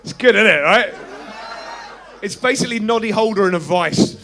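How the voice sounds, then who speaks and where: An English man performing stand-up comedy in a club, animated and sweary with emphatic asides. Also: high-pitched, moderate pace, crowd noise, noisy background.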